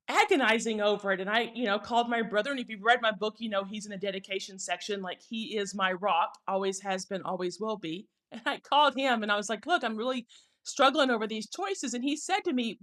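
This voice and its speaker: A woman career coach giving an encouraging motivational talk to camera, slowing down to stress key phrases. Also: a little high, fairly bright tone.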